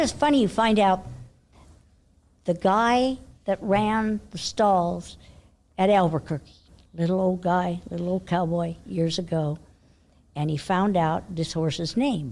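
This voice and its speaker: An older woman telling horse-show stories in a casual interview, animated, laughing often and dropping to a hush when she quotes herself. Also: lowish voice. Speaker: interview guest, horse trainer.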